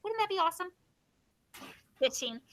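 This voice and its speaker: A woman teacher reading poems aloud to her class and quizzing her students with quick questions. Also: extremely high pitch, very animated, a bit bright.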